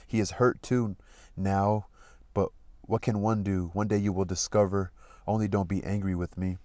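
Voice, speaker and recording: A man's voice: sits low, fairly even intonation, normal speed, warm tone, dry recording, close to an everyday voice. A man reading a wistful young noblewoman. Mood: earnest. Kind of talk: reading a novel aloud.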